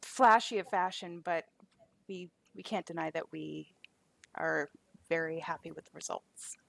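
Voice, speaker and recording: Woman doing a poised noble lady, measured and diplomatic, dry close sound. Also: sits low, gravelly, no room sound, full character voice.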